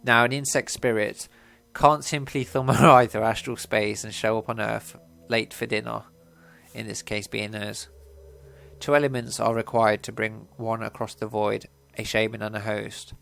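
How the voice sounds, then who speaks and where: A flamboyant painted elf from a game, as a man voices him, lecturing with theatrical flair. The voice is low and gravelly. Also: level tone, moderate pace, a bit bright.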